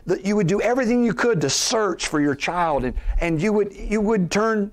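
A middle-aged man preaching a sermon as pastor, animated, posing rhetorical questions and building toward near-shouts. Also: high-pitched, normal speed.

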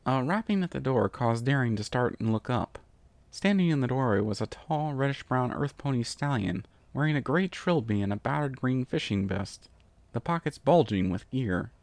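A man narrating a fan fiction story in a steady, even reading. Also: medium pitch, moderate pace, no room sound. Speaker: reader.

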